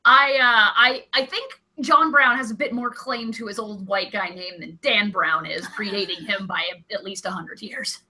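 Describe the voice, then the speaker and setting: A young woman co-hosting a comedy podcast, chatting casually and animatedly, gleefully ranting and breaking into loud exclamations. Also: medium pitch, moderate pace, few pauses, a little hiss or hum. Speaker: co-host.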